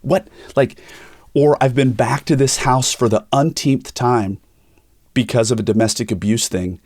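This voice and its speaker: Unhurried and mid-range, a middle-aged pastor speaks on his podcast in studio-quality sound with no echo. His candid conversation is full of personal stories, told with animation as he acts out quoted people's voices.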